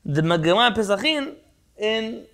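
A man's voice: high-pitched, lively intonation, moderate pace, a bit bright. A man teaching a Talmud class over a video call, translating Hebrew terms, quizzing the class and jumping between points. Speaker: Torah teacher.

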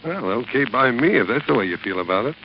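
An actor playing a grim, hardened American man with a terse, flat delivery, in 1940s radio acting style on a dull old broadcast. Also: mid-range voice, fast, slight background noise. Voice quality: terse, flat, hard-edged. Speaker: lead and narrator.

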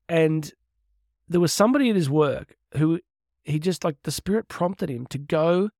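A man's voice: fairly high pitch, vocal fry, a little mellow, dry recording, clean studio sound. A middle-aged man hosting a podcast, talking in an earnest, chatty way with laughs and asides. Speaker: podcast host and Catholic speaker. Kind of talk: casual heartfelt podcast monologue.

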